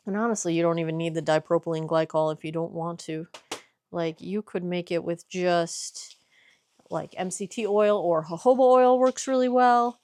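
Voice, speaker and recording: A small business owner who makes skincare chats casually to viewers while working in her workshop, explaining steps and correcting herself along the way in a vlog with instructions. Her voice is fairly low and darkish, in studio quality with no room sound.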